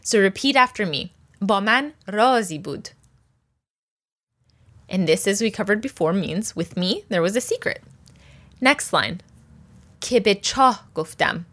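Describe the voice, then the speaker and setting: Woman teacher, patient and methodical, mid-range voice, repeats vocabulary slowly for students. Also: medium pitch, expressive, fairly bright tone. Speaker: language teacher. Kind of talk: step-by-step language lesson.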